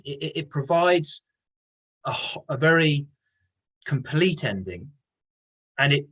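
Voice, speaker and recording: A male English teacher with a husky, slightly rough voice. He explains patiently and leans on key words by repeating them. He speaks at an unhurried lesson pace. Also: mid-range voice, fairly bright tone, poor audio. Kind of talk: online lesson with reading aloud.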